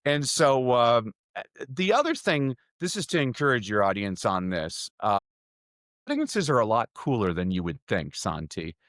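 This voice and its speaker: A middle-aged man, a speaking coach, telling stories energetically as a podcast guest, his voice jumping up in pitch. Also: normal speed, no echo. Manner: energetic storyteller with sudden jumps in pitch. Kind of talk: podcast interview answers.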